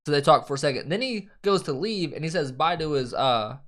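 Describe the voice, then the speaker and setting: A man's voice: on the high side, brisk. A man co-hosting a casual film review chat, retelling scenes with acted-out quotes, swearing and laughing often. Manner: animated retelling, acts out quoted lines.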